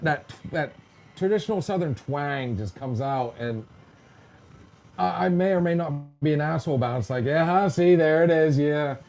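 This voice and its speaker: A man's voice: on the high side, a little mellow, slight background noise. A man hosting a casual podcast, telling stories in a chatty, joking way and mimicking other people in quotes. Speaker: podcast host. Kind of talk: casual storytelling chat.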